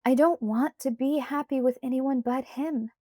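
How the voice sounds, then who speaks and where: A woman reading the part of an angry, hurt teenage girl, her lines raised, emphatic and slowed. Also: high voice, dark tone, no room sound, clean studio sound, pitched above the performer's own voice. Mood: cold. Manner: raised, emphatic, slow outbursts.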